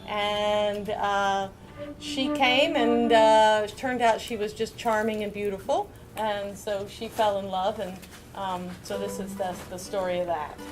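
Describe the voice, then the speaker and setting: A woman's voice: medium pitch, steady tone, a little slow, music in the background. A woman hosting a casual live stage show, rambling folksily with plenty of fillers. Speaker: show host and singer-songwriter.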